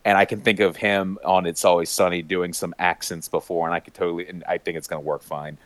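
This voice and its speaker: A man with a very low voice chats casually and eagerly, rambling through fillers and restarts. He sometimes leaps into high-pitched impressions of other voices. The sound is close and dry, with no room echo. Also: little pitch movement, fast talker. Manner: mimics voices with sudden high-pitched bursts. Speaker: podcast panelist. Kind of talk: casual chat.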